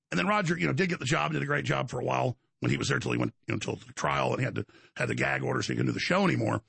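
A man's voice: fairly high pitch, creaky, pushed and bright, breathy edge, no room sound. A man hosting a talk show, telling angry stories in a rant, with frequent restarts and repeated words. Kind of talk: ranting monologue.

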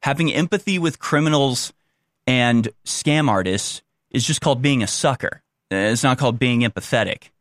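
A man's voice: mid-range voice, normal speed, fairly bright tone, no room sound, clean studio sound. A man giving blunt, combative opinion commentary on a clip he is playing, insulting those he disagrees with.

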